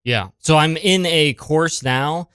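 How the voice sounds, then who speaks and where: Smooth-voiced man, chatty improviser. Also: on the high side, takes it slowly, a bit bright, dry recording, clean studio sound. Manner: loose, rambling, lots of fillers. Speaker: improv comedian guest. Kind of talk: improvised scene and casual chat.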